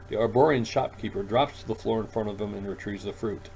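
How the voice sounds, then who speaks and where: A man, an author, reading his own science fiction story aloud in a calm, even storytelling manner. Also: lowish voice, fast talker, hardly any pauses, husky, rough recording. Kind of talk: audiobook narration.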